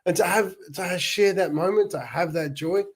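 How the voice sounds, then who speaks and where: A man's voice: high voice, normal speed. A middle-aged Australian man hosting a casual livestream, telling upbeat stories with frequent laughs and restarts. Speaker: not-for-profit founder and livestream host.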